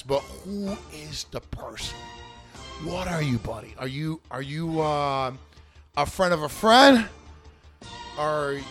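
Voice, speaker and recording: A man with a slightly high voice hosts a fantasy football league recap. He rants casually and sarcastically, swearing freely. Faint music plays behind him. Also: a bit bright. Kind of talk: casual profane sports commentary.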